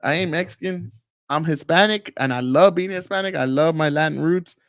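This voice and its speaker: A man's voice: on the high side, normal speed, a bit bright, no echo, studio quality. An American man hosting a live stream with blunt, profane political commentary, laughing often. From United States.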